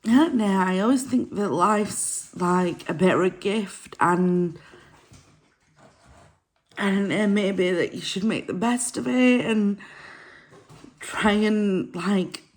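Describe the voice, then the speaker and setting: Tearful woman, slow talker. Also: mid-range voice. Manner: tearful, rambling, apologetic. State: crying. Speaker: vlogger. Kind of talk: casual vlog to camera. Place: in her camper van.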